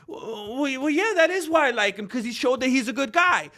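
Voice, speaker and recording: A man's voice: very high voice, expressive, a little fast, sharp tone. A man hosting an MMA commentary vlog, sarcastic and opinionated, acting out both sides of an argument. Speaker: MMA commentary channel host.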